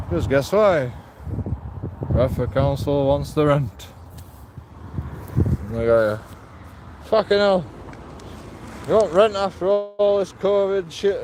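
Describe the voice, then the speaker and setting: A man's voice: on the high side, noisy background. Blunt, swearing man outdoors. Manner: blunt, swears a lot, rambling. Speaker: streamer. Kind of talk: casual walking vlog. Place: outdoors on a walk.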